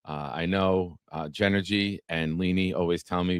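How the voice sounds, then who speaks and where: A man's voice: sits low, fairly even intonation, normal speed, clear, resonant tone, no room sound, clean studio sound. Chatty male sports stream host. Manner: chatty, talks to chat viewers by name. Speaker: podcast host. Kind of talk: casual live-stream sports talk.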